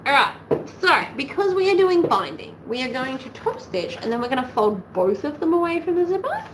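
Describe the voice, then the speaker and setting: A woman with an Australian accent chats through her sewing on a livestream, thinking aloud and wandering between topics. Her voice sits a little high and swings widely in pitch. Faint room noise sits behind her. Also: sing-song, a little fast. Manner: chatty, rambling, thinks aloud. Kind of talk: casual livestream chat while sewing.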